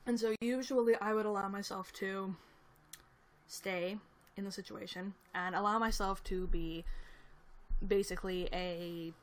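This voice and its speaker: A woman's voice: medium pitch, fairly even intonation, unhurried. A young woman talking casually on her livestream, rambling through a story with frequent "like"s and small laughs. She sits at her computer, talking to a camera on a selfie stick, and snacks as she reads the chat. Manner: snacking and reading chat aloud.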